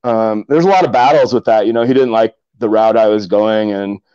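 A man's voice: fairly low pitch, a little fast, dark tone, clean tone, dry recording, dull audio. A middle-aged man from Omaha, a kayak angler, tells stories casually in a podcast interview, rambling with many fillers and restarts.

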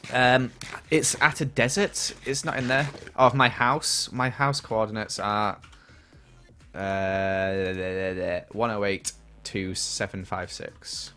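A man's voice: medium pitch, pushed and bright. A young man chatting casually on a gaming livestream and answering viewer questions as he plays.

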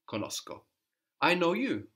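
A man's voice: on the high side, very animated, unhurried, sharp tone. A man teaching a language lesson, patiently prompting a student and repeating her answers.

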